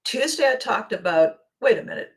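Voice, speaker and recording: A woman from Canada hosting a solo motivational podcast, talking in an animated, playful way and laughing often. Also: fairly high pitch, a little fast. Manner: animated and playful, laughs often, acts out little quoted exchanges. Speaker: podcast host.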